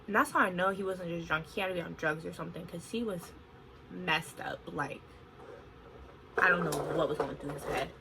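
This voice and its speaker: A young woman in her twenties telling a story on her vlog in an animated, expressive way, full of "like". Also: on the low side, a little fast, gravelly, noisy background. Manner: animated, expressive retelling with frequent "like". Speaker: vlogger.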